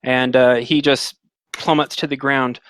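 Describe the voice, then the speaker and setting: A man running a tabletop game as dungeon master, narrating loosely with many pauses and fillers. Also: mid-range voice, little pitch movement, fairly bright tone, smooth.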